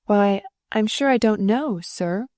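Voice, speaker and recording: A timid, earnest young nurse, put on by a woman reading an audiobook. She speaks high and plaintively, with an eager stammer. The mellow voice sits in a dry, close recording. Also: measured pace, no echo, close to an everyday voice. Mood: worried. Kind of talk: audiobook character voice.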